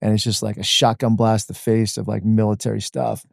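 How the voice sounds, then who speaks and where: A man in his forties from the Washington D.C. area, a podcast guest telling his story in a lively conversational way, peppered with "man" and "like.". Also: lowish voice, a little fast, creaky, dry recording, studio quality. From Washington D.C. area, USA. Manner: animated, uses "man" and "like" a lot.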